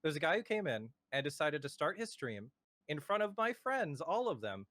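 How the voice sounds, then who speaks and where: A man's voice: fairly high pitch, very animated, normal speed, fairly bright tone, dry recording. A man streamer telling anecdotes on a casual podcast, with firm warnings and hesitant fillers, over a remote voice call.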